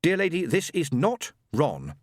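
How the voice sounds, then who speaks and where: A man's voice: a little high, huge pitch swings, measured pace, no room sound, clean studio sound, voice pushed up, heavily acted. A man voicing a fussy, pompous male angel who speaks through a medium in a prim, testy way.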